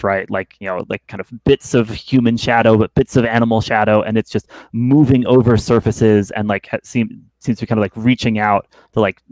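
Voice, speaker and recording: A man narrating as game master of a tabletop game, speaking haltingly with many fillers and restarts. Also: lowish voice, darkish tone, no echo, low-quality recording.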